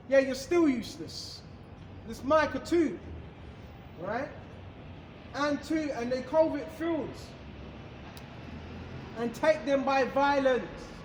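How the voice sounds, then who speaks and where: A man's voice: very high-pitched, echoey room, a little hiss or hum, low-quality recording. A man teaching scripture in an emphatic, repetitive way, asking rhetorical questions and answering them. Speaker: preacher. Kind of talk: street-style scripture teaching.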